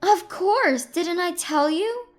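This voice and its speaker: A woman's voice: extremely high pitch, lively intonation, slow, faint music behind, pitched above the performer's own voice, heavily acted. Woman reading anxious hospital woman. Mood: urgent. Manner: urgent, scolding.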